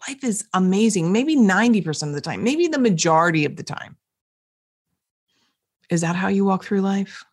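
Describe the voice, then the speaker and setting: A middle-aged woman hosting a podcast at home, talking straight to the listener in a lively, coaching way about gratitude. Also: medium pitch. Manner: animated, coaching, talks to the listener directly. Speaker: podcast host. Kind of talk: motivational podcast talk. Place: indoors at home.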